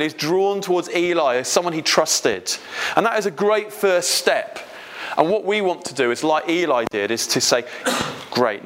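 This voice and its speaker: A man preaching a sermon in a conversational, gently humorous way, putting questions straight to his congregation. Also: fairly high pitch. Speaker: pastor.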